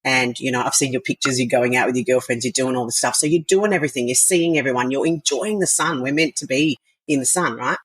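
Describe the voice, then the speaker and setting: Aussie woman guest on a podcast, kinda breathy, rambly and enthusiastic, dry sound. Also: rumbling low, fast talker, hardly any pauses, no room sound, low-quality recording. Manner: enthusiastic, rambling, frequent fillers and laughs. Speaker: podcast guest, wellness coach. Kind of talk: casual interview chat.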